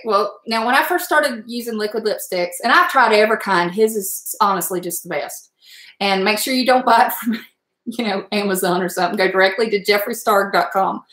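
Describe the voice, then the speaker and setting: This middle-aged woman with a drawl chats on a live stream, reading comments aloud, laughing often and getting emotional. Her voice sits a little high, and the room around her sounds echoey. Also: a bit bright. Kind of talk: casual live-stream chat.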